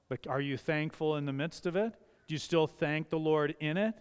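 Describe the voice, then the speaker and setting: Older male preacher, smooth resonant voice, fairly high pitch, emphatic repetition, long church reverb. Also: fairly even intonation, moderate pace, few pauses. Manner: emphatic, repeats key phrases for effect. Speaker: pastor. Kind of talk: sermon. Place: church sanctuary.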